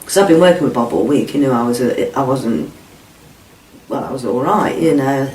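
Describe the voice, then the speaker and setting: A man's voice: on the high side, normal speed, a little mellow, a little hiss or hum. A middle-aged man, giving blunt, sweary personal testimony in an interview and repeating himself as he retells events. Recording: roomy, distant mic, faint ambience.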